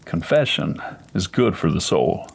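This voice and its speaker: A man voicing a gentle, persuasive middle-aged male doctor in a read-aloud story, speaking in a calm, measured, coaxing way. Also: sits low, creaky, slightly rough, heavily acted.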